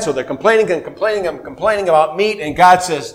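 Guy preaching, high voice, chatty and animated, asks the crowd stuff, does little voices for the bible people. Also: fast talker, hardly any pauses. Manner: animated, acts out voices of biblical figures; conversational, asks the audience questions. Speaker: pastor. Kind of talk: sermon.

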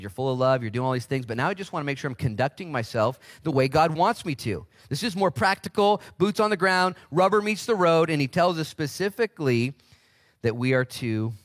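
Animated male pastor preaching. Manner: animated, shifts into high voices for quoted people. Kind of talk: sermon.

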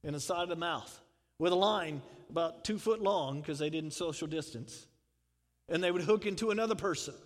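A man's voice: high-pitched, big-room sound. A man preaching a sermon in a conversational way, putting questions to the congregation and chuckling. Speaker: pastor.

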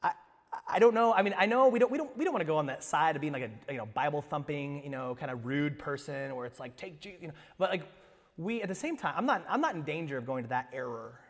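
A man with a high voice preaches a sermon, telling stories with lively swings from quiet, low asides to loud, emphatic peaks. His voice rings out with a long reverb, as if in a church hall. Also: quick pace. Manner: animated storytelling, swinging from hushed to loud. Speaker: pastor.

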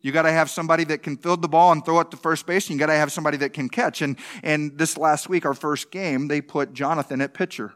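Male pastor, 30s, high voice, folksy preaching full of rhetorical questions. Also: steady tone, fast, few pauses, fairly bright tone. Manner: conversational, repeats "can I tell you", restarts. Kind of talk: sermon.

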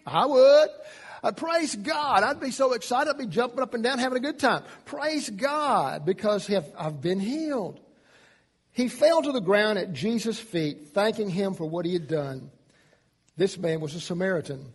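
A man preaching a sermon, emphatic, his voice rising in pitch and loudness on key points. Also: animated, moderate pace, slightly rough, big-room sound. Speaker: pastor.

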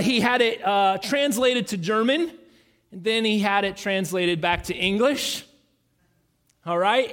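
A man preaching as pastor, earnest and halting, with many fillers and restarts. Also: high voice, fairly bright tone. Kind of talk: sermon. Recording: long reverb in a large hall.

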